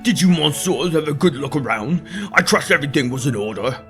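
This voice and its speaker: A man's voice: a little high, animated, fairly quick, music in the background. A man voicing a creepy, overly courteous aristocratic male bird baron. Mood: polite. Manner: courteous, oily, faux-French address. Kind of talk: let's play character voicing.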